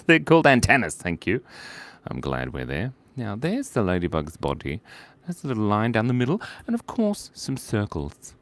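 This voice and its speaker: A man's voice: fairly low pitch, wildly swooping pitch, normal speed, fairly bright tone. A playful man chatting casually while drawing on a live stream, reading out viewers' requests.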